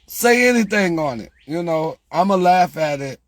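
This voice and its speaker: A man's voice: on the high side, lively intonation, moderate pace, no echo. Exasperated man, close and dry. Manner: repetitive, exasperated, rises when quoting viewers. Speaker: lottery tips creator. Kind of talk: casual talk to viewers.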